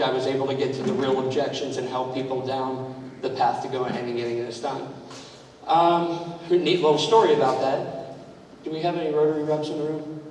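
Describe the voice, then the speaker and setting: This man's voice is medium in pitch and a little mellow as he addresses a big-room audience at a club training event. He talks in a chatty, anecdotal way, sharing stories and putting questions to the crowd. The recording picks up an echoey hall, a distant mic and some faint noise.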